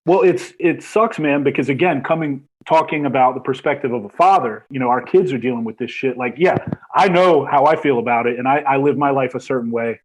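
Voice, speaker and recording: A man's voice: mid-range voice, brisk, hardly any pauses, slight background noise, low-quality recording. A man hosting a podcast interview, talking casually and rambling with many fillers. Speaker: podcast host.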